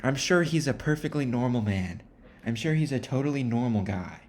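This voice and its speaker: A man's voice: medium pitch, animated, moderate pace, a little mellow, voice pushed up, natural voice. A man voicing a naive, cheerful group of sailors who brush off warnings. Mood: breezy. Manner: breezy, dismissive.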